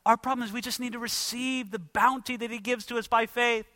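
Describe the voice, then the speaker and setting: High, bright-voiced emphatic preacher man. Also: steady tone, a little fast, no echo. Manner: emphatic, addresses listeners directly. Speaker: pastor. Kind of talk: expository sermon.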